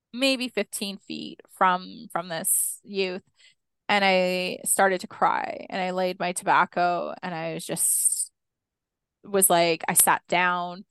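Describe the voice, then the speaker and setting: Smooth-voiced woman telling a story. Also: fairly low pitch, dry recording. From Canada, Six Nations Mohawk community. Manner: animated storyteller acting out quoted dialogue, laughs often. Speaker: guest, Indigenous educator. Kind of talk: storytelling in a podcast interview.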